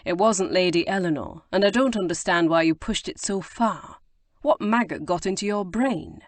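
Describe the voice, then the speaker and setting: A woman reading an audiobook, voicing a composed, wry gentleman with a dry, measured manner. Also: fairly low pitch, no echo, close to an everyday voice.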